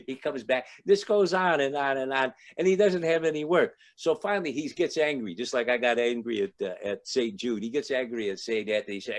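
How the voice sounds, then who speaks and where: A man's voice: medium pitch, a little fast. A man in his eighties from Ohio, a guest speaker reminiscing and telling a joke, rambling on tangents with many fillers, over a video call. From Toledo, Ohio.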